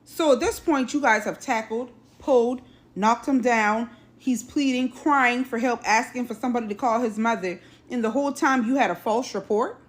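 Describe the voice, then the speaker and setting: South carolina woman talking to her phone, fairly high voice, keeps repeating stuff for emphasis. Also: normal speed. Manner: emphatic, repeats key phrases; addresses viewers directly. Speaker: social media commentator. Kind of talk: casual storytelling commentary.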